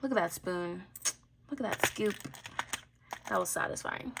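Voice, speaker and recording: A woman hosts a beading tutorial in a loose, chatty way, thinking aloud as she works. Her voice has a gravelly creak, set at a middle pitch for a woman. A faint hiss sits under the recording. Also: measured pace. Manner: chatty, thinking aloud, drifting into soft mutters. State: has the hiccups. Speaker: jewelry-making channel host. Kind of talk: casual craft tutorial chat.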